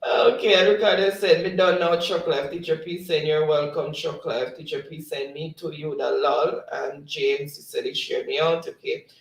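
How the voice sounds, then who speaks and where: A gravelly, fairly high-voiced man reads viewer comments aloud on a livestream. He laughs often as he goes. He sounds set back from the mic in an echoey room. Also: steady tone, normal speed, hardly any pauses, recorded from a distance. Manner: laughs often while reading. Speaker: livestream host. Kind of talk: casual chat reading out live comments.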